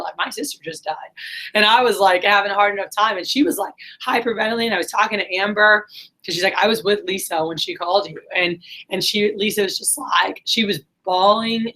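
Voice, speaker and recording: A woman's voice: medium pitch, pushed and bright, poor audio. A middle-aged woman talking casually and earnestly to her viewers, rambling with many fillers and pep-talk asides. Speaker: vlogger, business manager.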